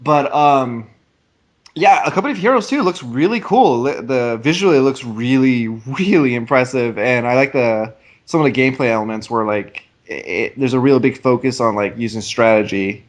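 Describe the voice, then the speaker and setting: A games journalist with a middle-pitched voice, chatting casually on a podcast. He hunts for words, filling pauses with ums and likes as he describes what he saw. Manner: hesitant, many fillers, searching for words. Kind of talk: casual chat.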